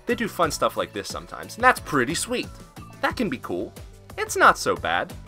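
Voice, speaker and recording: A man's voice: a little high, wildly swooping pitch, normal speed, bright, forceful tone, faint music behind. A man hosting casual commentary on a card game, joking, swearing and breaking into goofy asides. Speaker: host.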